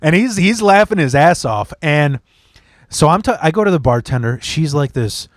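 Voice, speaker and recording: A man's voice: a little high, animated, normal speed, no room sound, studio quality. A young man hosting a podcast, telling a story in blunt, profane, casual chat and slipping into mimicry of other people. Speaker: podcast host.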